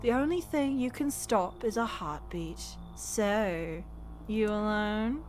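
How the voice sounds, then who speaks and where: A woman voicing a cryptic, ominous stranger who speaks in slow, solemn riddles. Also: mid-range voice, animated, darkish tone, a little hiss or hum.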